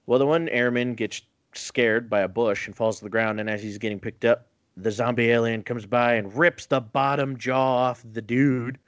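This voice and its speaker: A man's voice: on the low side, moderate pace, faint music behind. A man casually recapping a film with crude jokes, laughing often and acting out the characters' lines. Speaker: podcast host recapping a film. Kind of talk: casual comedic movie recap.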